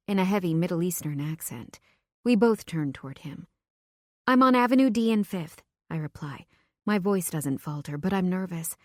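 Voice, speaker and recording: Expressive woman audiobook narrator. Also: on the low side, no echo, studio quality. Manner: expressive, intimate storytelling. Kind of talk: scripted first-person narration.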